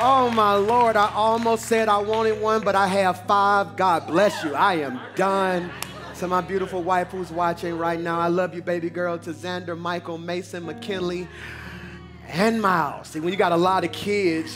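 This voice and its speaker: A man with a fairly high voice leads a live church service as guest pastor. He preaches with rising energy, shouting lines and repeating them for the crowd. Music plays clearly underneath his words. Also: fairly even intonation, moderate pace. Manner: rousing, often shouting, repeats lines for emphasis. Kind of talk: energetic sermon with call and response.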